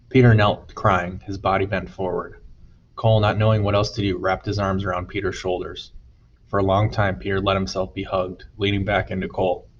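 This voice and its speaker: A man narrating an audiobook chapter in a steady storytelling manner. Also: low-pitched, brisk, lo-fi sound, a little hiss or hum. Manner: steady storytelling, voices dialogue. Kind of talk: scripted narration.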